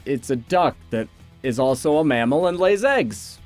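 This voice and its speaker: A man's voice: medium pitch, normal speed, faint music behind. A man co-hosting a casual chat, reading out fan questions and answering them loosely. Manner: relaxed, reads out fan questions. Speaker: co-host.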